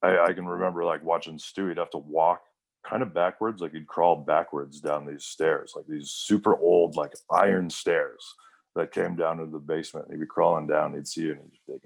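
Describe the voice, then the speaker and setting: A man's voice: a bass voice, steady tone, fairly quick, vocal fry. A man in his thirties, a wrestler guest, telling rambling stories in a casual interview, full of fillers and quoted voices.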